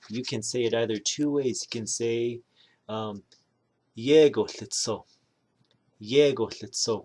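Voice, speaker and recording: A man giving a casual language lesson, repeating each word slowly. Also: medium pitch, darkish tone. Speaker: language teacher.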